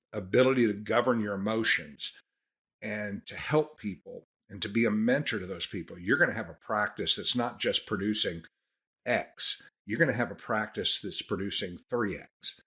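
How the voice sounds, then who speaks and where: A man hosting a dental podcast, speaking in a casual, earnest way that rambles and restarts. His voice sits a bit low but sounds bright and forward. There is a husky edge to it. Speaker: dentist and podcast host. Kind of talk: casual monologue on practice management.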